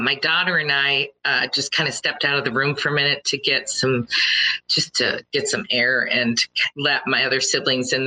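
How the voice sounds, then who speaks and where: Middle-aged woman, low and bright, earnest motivational speaker who acts out reactions in her stories. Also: poor audio. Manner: earnest and storytelling, with animated quoted reactions. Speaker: speaker addressing listeners. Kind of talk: motivational talk.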